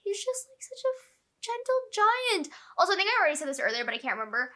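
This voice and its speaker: A woman chatting excitedly in a casual reading vlog at home, filling her talk with "like". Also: extremely high pitch, fast. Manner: chatty and excitable, heavy use of "like". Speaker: book vlogger.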